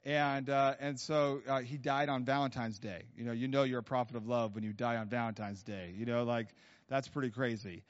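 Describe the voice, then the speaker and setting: Speaking a little fast with fairly even intonation, a medium-pitched man preaches in a church hall, telling stories in a casual, rambling way full of fillers and restarts. The sound is dull, with long hall reverb.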